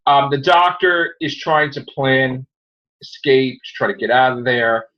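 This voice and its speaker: A man hosting a casual review podcast, rambling through an animated retelling of a plot. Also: medium pitch, unhurried, lo-fi sound. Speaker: podcast host.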